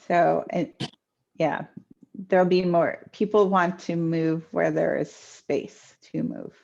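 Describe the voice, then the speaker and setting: A woman's voice: lowish voice, steady tone, takes it slowly, creaky, darkish tone, dull audio. A woman medium giving live readings from home over a video call, chatty and hesitant with many ums. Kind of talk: live online intuitive readings. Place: home near a kitchen.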